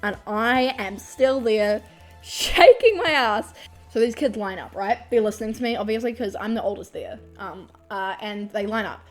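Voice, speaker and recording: A young woman tells a storytime vlog, animated, laughing often and swearing freely. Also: mid-range voice, normal speed, few pauses, soft background music. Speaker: vlogger.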